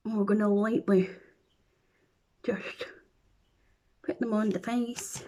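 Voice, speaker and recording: A woman's voice: medium pitch, fairly even intonation, slow, dark tone. A Scottish woman chatting playfully through a makeup tutorial at home, with silly asides as she works. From Scotland. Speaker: beauty vlogger.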